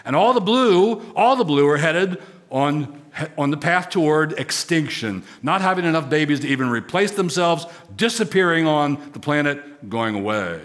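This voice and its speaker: A pastor delivers a sermon to his congregation. His fairly high voice swells on repeated phrases and lands with emphasis. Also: lively intonation, normal speed, a bit bright. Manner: emphatic preaching with rising, swelling repetition.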